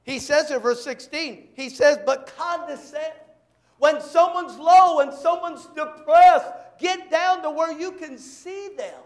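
A man preaching a sermon as pastor, emphatic and repetitive, acting out quick bits of dialogue to make his points. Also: very high-pitched. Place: church. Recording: echoey church sanctuary.

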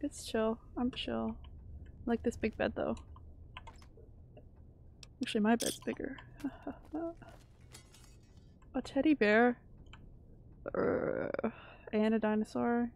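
A woman's voice: a little high, takes it slowly, gravelly, pauses often, darkish tone. A woman streamer chatting casually while she plays a game, jumpy and chatty, swearing when startled. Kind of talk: casual live-stream gameplay chat.

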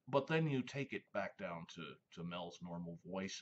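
A man's voice: sits low, animated, moderate pace, few pauses, highs cut off. A man hosting a casual monologue, rambling and reminiscing with many fillers. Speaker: host.

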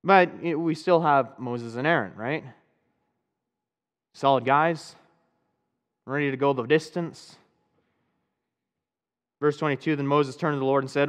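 A man's voice: medium pitch, measured pace, pauses often. Man preaching a sermon in a reverberant room. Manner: conversational preaching with dry sarcasm. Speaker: pastor.

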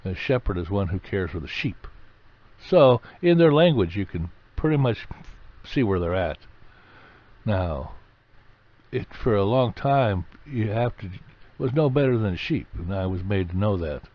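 On a dull, lo-fi recording, a man gives a conversational Bible sermon in a plain-spoken way, repeating key phrases to drive them home. His voice is on the low side, expressive and unhurried.

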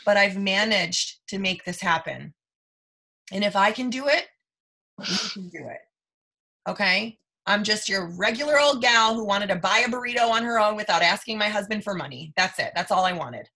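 A woman in her thirties gives a motivational talk to her team over a live video. Her voice is bright and forceful. She talks emphatically, repeats her points and keeps calling the listeners "you guys.". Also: mid-range voice, animated, moderate pace. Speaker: team leader.

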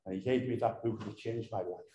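A man's voice: on the low side, quick pace, dark tone, highs cut off, a little hiss or hum. An older man telling humorous, earthy stories at a commemoration event, often repeating himself and restarting phrases. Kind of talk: anecdotal storytelling. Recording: echoey room.

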